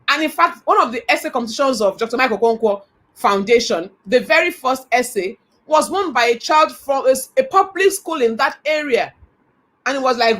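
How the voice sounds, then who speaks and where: A middle-aged Nigerian woman giving a motivational talk, telling stories in an animated, earnest way. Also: high voice, moderate pace. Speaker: motivational speaker.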